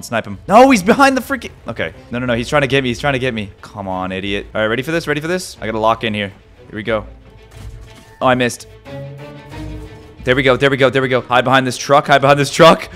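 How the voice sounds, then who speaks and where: A man giving excited gameplay commentary as a gaming YouTuber, yelping and repeating himself as the action unfolds. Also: medium pitch, fast, pauses often, faint music behind. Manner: excitable, yelps and repeats phrases.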